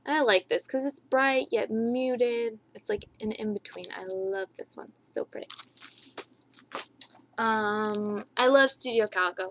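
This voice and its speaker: A woman's voice: mid-range voice, background noise. A woman showing off her scrapbooking purchases in a casual haul video, gushing and repeating how much she loves each item, with rambling asides.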